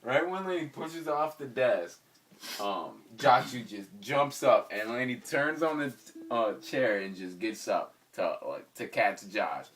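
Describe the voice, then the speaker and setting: A man's voice: medium pitch, unhurried, far from the mic. A young man telling a story to his friends in slangy casual talk, laughing as he goes. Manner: animated, slangy, often laughing mid-story. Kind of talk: casual anecdote among friends.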